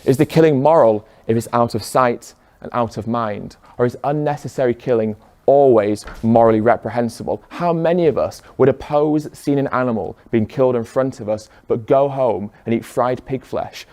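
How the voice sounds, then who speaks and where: An earnest man addresses a live audience in a room, firing off rhetorical questions. His voice sits at an ordinary middle pitch, steady and persuasive. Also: moderate pace, few pauses. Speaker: speaker.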